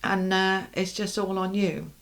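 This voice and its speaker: A woman's voice: medium pitch, fairly even intonation, a little slow, vocal fry, fairly bright tone. A middle-aged woman giving a tarot reading. She is direct and reassuring, asks rhetorical questions and keeps checking in with "okay?" and "all right?". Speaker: tarot reader. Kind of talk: tarot card reading to camera.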